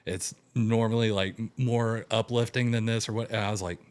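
A young man with a somewhat low voice tells a story in a casual interview. He talks in an easygoing way and jumps into a raised voice when he acts out quotes. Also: steady tone, moderate pace. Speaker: guest telling his story.

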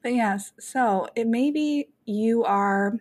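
Animated, swearing woman podcast host. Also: on the high side, slow pace. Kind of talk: casual chat.

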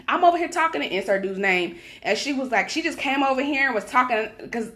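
A young woman telling a wild night-out story in casual podcast chat, animated and profane, acting out the people she quotes. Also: on the high side, a little fast. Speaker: podcast co-host.

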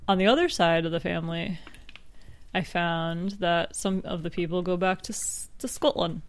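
A woman's voice: lowish voice, steady tone, moderate pace, no echo. A woman co-hosting a podcast in casual chat, talkative, laughing often and trailing off with "like". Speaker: podcast co-host.

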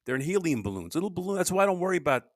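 A man's voice: high-pitched, sing-song, very fast, no echo. A man hosting his own solo podcast, rambling in a loose monologue, restarting sentences and grumbling in asides. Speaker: podcast host.

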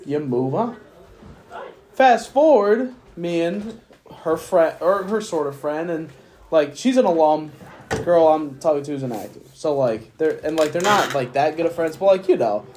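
Drunk young man, rambling, cursing a lot, slightly high voice, podcast chat. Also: expressive, normal speed, a little mellow, slight background noise. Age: young adult. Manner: rambling, profane storytelling. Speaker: podcast host. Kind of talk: casual chat.

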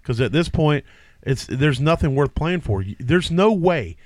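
Co-host, male, higher voice, profane ranting sports chat, dry close mic. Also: unhurried, no echo. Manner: profane ranting, animated swings. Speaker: podcast co-host. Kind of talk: casual fantasy football chat.

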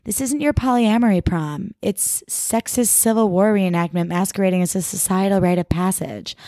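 Woman reading as a bossy, sarcastic young woman, brisk, mid-pitched, dry close mic. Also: mellow, no room sound, lightly acted.

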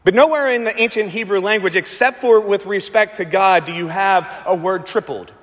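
A man preaching a sermon as pastor, slowing and repeating words for emphasis, with dramatic pauses. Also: high-pitched, a bit bright, in a large hall.

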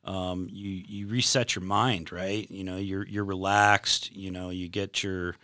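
A man's voice: deep voice, little pitch movement, a little slow, pushed and bright, no echo, studio quality. A middle-aged man, a retired delivery driver, telling work stories in casual chat, rambling with many fillers and restarts.

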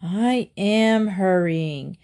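A woman's voice: a little high, very animated, measured pace, warm tone, pitched above the performer's own voice. A woman voicing a small, imaginative, dawdling boy who whines and protests dramatically. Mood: protesting. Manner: whiny and dramatic.

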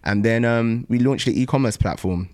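A young adult man, a startup founder, talking casually in an interview, pausing often with ums and restarting sentences. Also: medium pitch, a little mellow, dry recording, studio quality. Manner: thoughtful, frequent um pauses and restarts.

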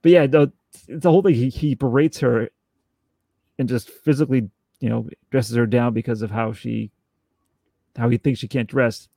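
A man co-hosting a podcast in casual chat, acting out scenes in quick little voices. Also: mid-range voice, creaky, dark tone, slightly rough, dry recording, studio quality. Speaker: podcast co-host.

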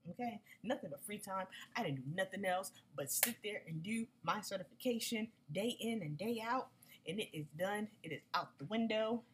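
A woman's voice: deep voice, slight background noise, poor audio. A woman hosting a casual solo podcast, chatty and upbeat, using slang and talking straight to her listeners. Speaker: podcast host.

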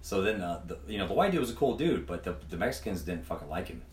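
A man's voice: low voice, big pitch swings, fast talker. A man telling a long, profane, rambling story in casual chat, acting out the other people's lines. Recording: echoey room, mic far off.

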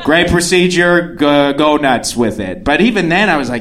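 A man's voice: a little high, sing-song, moderate pace, a bit bright. A young man doing stand-up comedy, telling a story in a rambling way and laughing through his lines.

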